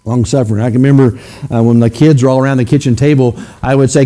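A man preaching a sermon to his congregation in a conversational way, often checking in with the room with a quick "okay?". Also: mid-range voice, mellow. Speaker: pastor. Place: church sanctuary.

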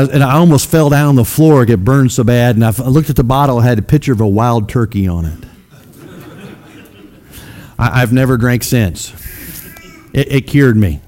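A middle-aged man from Missouri spins homespun stories for a congregation, his voice sitting at an everyday middle pitch. He rambles warmly through fillers and restarts, poking fun at himself as he goes. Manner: rambling and self-deprecating, with many fillers. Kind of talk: folksy storytelling talk.

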